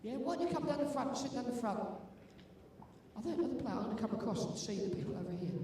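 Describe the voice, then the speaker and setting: An older man with a London accent and a very high voice, joking and teasing his way through crowd banter as an event compère. He sounds far from the mic, with heavy echo off a big indoor arena and some faint noise behind. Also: lively intonation, fast talker, darkish tone. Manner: jokey, teasing, chatty with the audience. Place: large indoor sports arena. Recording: echoey hall from far off, with room noise.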